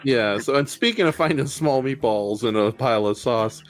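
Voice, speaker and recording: A man's voice: mid-range voice, normal speed, soft background music. A man hosting a casual film podcast, rambling with many fillers and restarts. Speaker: podcast host.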